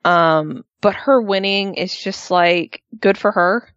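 A woman co-hosting a casual wrestling recap, expressive and acting out quotes in high voices. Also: slow pace, dry recording, highs cut off. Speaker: podcast co-host.

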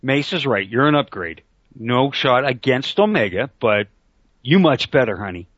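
Hosting an online talk radio show, a middle-aged man rambles and cracks crude jokes in casual banter. His voice is medium-pitched, animated, and a bit bright, at a moderate pace with no echo, captured by a computer call mic as dull lo-fi online call audio.

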